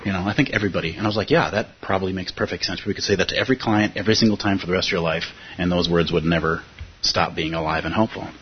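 Earnest low-voiced man giving a dharma talk. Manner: earnest and reflective, with pauses and fillers. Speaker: Buddhist teacher. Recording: dull lo-fi recording with faint hiss.

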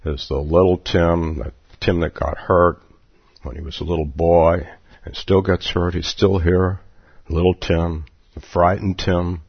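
A man's voice: deep voice, fairly even intonation, unhurried, breathy edge, dry recording. A man giving a dharma talk as a Zen meditation teacher at a retreat, playful, chuckling often and repeating his questions. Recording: dull lo-fi recording.

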